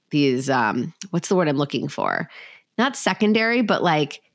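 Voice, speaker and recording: A woman hosting a parenting podcast, talking thoughtfully and sometimes searching for words. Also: deep voice. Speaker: podcast host. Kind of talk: conversational parenting discussion.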